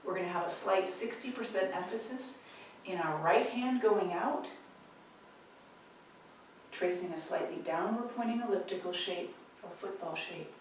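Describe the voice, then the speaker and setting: A woman leading a tai chi practice, cueing movements calmly and gently with pauses between steps. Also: mid-range voice, recorded from a distance, slight background noise. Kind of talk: guided movement instruction. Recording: echoey room, voice from off-mic.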